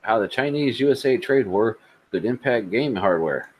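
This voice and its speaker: A man's voice: fairly low pitch, animated, moderate pace, poor audio. A man co-hosting a casual tech podcast, blunt, sarcastic and profane in his remarks. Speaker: podcast co-host.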